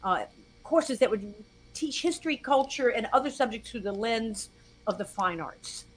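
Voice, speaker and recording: A woman in her sixties from Virginia talks as an interview guest, her voice sitting a little on the high side. She tells stories with energy and acts out the people she quotes. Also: moderate pace, husky. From Virginia, USA. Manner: animated storyteller who acts out quoted dialogue. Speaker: guest, music historian. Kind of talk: conversational interview storytelling.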